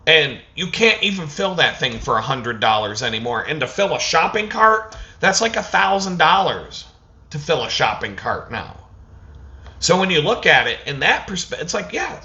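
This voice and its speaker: Man, casual vlog rant, profane, animated storytelling, bright forceful voice, slightly muffled lo-fi sound. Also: fairly high pitch. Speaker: vlogger.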